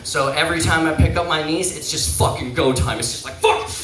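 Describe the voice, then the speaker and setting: A man's voice: fairly high pitch, a little fast, fairly bright tone, a little hiss or hum. A young man performing a rambling, self-deprecating stand-up set in a small pub, often trailing off and restarting. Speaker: stand-up comedian. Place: small pizza pub stage. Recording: echoey room, far from mic.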